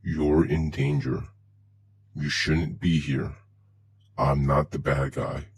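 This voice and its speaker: A man voicing a masked male vigilante speaking in a low, disguised growl. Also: little pitch movement, takes it slowly, a little hiss or hum. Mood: urgent.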